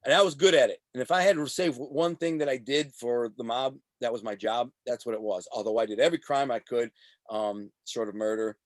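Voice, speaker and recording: Brief: ex-mob associate, man, animated storyteller who does the voices of people in his stories, tight dry mic. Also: mid-range voice, fairly quick, no room sound. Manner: animated, profane street talk. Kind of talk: casual storytelling interview.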